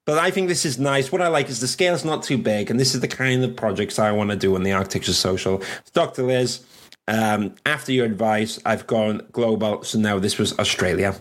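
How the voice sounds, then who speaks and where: A man's voice: fairly low pitch, fairly quick. A man from Wales hosting a casual livestream chat, chatty and rambling, laughing often. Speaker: host.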